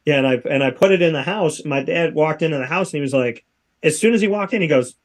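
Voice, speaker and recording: Emphatic man in his thirties, higher voice. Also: fast. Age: 30s. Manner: emphatic, preachy, repeats phrases for effect. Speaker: show host. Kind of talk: casual talk show chat.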